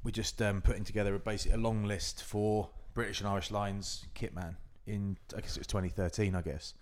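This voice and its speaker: A man co-hosting a podcast, telling a story in an animated way with frequent laughter. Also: fairly low pitch, a little fast. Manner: animated, laughing as he tells stories. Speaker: podcast co-host. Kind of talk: casual storytelling chat.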